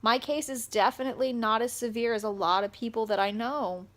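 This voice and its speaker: A young woman talking straight to camera in a personal vlog, upset and close to tears, speaking haltingly with many pauses and fillers. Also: a little high, fairly even intonation, a bit bright. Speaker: vlogger.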